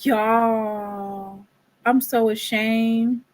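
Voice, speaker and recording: A woman's voice: on the high side, level tone, extremely slow. A woman giving casual commentary, exasperated and dramatic, dropping into whispered asides. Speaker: commentary vlogger.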